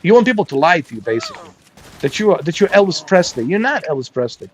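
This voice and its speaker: A man's voice: a little high, very animated, fast, rough recording. A man ranting crudely and mocking someone in casual chat, laughing often as he goes. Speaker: gaming streamer.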